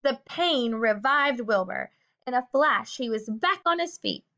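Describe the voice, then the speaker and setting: A woman narrating a children's book aloud with a steady, expressive reading. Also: on the high side, measured pace. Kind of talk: storybook read-aloud. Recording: dull lo-fi recording.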